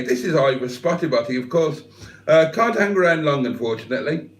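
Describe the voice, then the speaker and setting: An older man hosts a livestream in a slightly high voice with lively intonation, talking fairly quickly in a reverberant space. He reads viewers' comments aloud during the casual live chat, joking and poking fun at himself.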